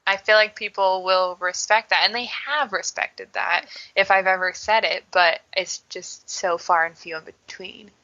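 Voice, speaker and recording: Bright-voiced woman guest on a dull line. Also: medium pitch, fairly even intonation, normal speed, hardly any pauses. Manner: hesitant, many "like" and "um" fillers. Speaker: podcast guest. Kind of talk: repeating phrases and casual talk.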